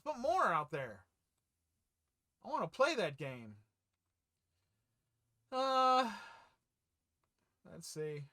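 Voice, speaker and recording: Male host, bright and a touch high, dry close sound; casual, rambling headline reader. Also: huge pitch swings, extremely slow, pauses often, dry recording. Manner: rambling, loose, with frequent fillers and chuckles. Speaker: host of a fan news channel. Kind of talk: casual headline read-through.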